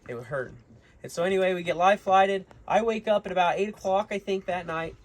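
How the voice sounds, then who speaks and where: Man, young adult, casual storytelling, rambling with fillers, slightly high voice. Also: fairly quick. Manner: rambling, lots of fillers and restarts. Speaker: vlogger.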